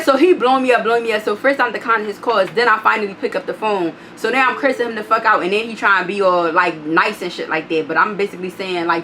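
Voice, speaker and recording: A woman's voice: mid-range voice, animated, brisk, pushed and bright, slight background noise. A young woman telling a story in casual vlog style, blunt and profane, acting out the other people's lines as she quotes them.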